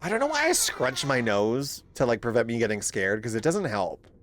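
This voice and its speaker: Lively, laughing male game streamer. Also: mid-range voice, moderate pace, slight background noise. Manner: animated, laughs often, swears, thanks chat. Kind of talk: casual live gameplay commentary.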